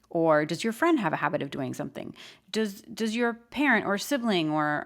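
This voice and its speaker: Animated woman podcast host. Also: lowish voice. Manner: animated, emphatic, laughs often. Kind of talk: casual advice talk.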